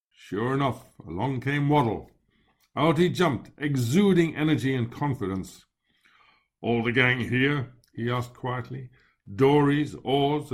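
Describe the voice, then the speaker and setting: A man reads a first-person memoir aloud at a measured, even pace. His voice sits at a middling pitch and he lingers on descriptive passages, giving the storytelling a steady, deliberate feel. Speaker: narrator.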